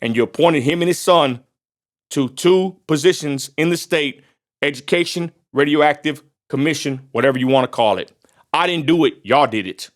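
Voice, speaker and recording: A man speaks straight to the camera in a combative vlog rant. His voice sits a little high for a man. He keeps repeating his points and challenges his listeners with pointed rhetorical questions. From Texas. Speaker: vlogger. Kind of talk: confrontational direct-to-camera rant.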